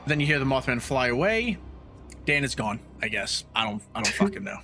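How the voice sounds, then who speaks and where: A man's voice: medium pitch, big pitch swings, brisk, music in the background. A man co-hosting a podcast, recapping a bad movie's plot with sarcastic, blunt, swearing commentary. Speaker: podcast co-host. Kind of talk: casual movie recap chat.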